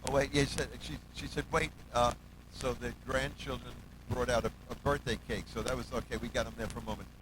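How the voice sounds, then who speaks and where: A man's voice: fast, noisy background. A man, a musical director, telling stories in a casual interview, acting out quotes and humming and counting out music. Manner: animated, acts out quotes, hums bass lines and counts beats.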